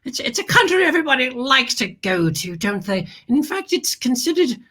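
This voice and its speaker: A woman with a high, sharp voice talks briskly, her pitch swinging widely in a heavily acted performance. She plays a grand, glamorous lady hosting a children's show, gushing flamboyantly and theatrically and calling everyone darling.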